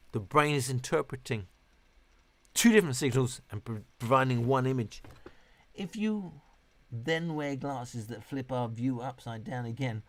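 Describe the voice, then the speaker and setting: A man hosting a relaxed late-night livestream, rambling and a bit tipsy. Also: medium pitch. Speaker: livestream host.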